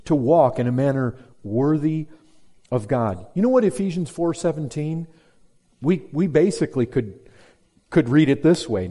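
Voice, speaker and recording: A man preaching an expository sermon to a congregation, emphatic and direct, repeating key words and dropping low and slow for stress. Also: very animated. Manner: emphatic, swings between loud stress and low slow drops. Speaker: pastor.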